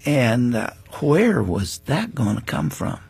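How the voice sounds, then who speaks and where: An older man, a guest on a faith interview show, telling a personal story in an earnest, reflective way with frequent pauses and restarts. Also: mid-range voice, big pitch swings, creaky, darkish tone, breathy edge.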